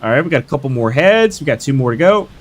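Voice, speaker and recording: Excitable young male game streamer. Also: mid-range voice, fast, slight background noise. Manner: excitable, hyped shouts while fighting. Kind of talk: live gameplay commentary chatting with viewers.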